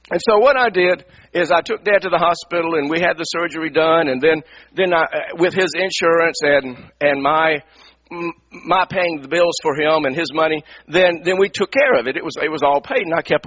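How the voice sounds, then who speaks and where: Middle-aged male pastor, high bright husky voice, animated sermon storytelling, lo-fi radio sound. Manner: animated, repeats words, acts out his own anger. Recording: dull lo-fi radio broadcast.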